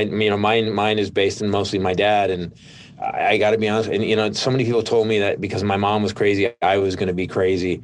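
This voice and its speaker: A middle-aged male comedian telling stories in casual conversation, rambling with lots of restarts. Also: on the low side. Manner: rambling storytelling with many restarts. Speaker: comedian, guest.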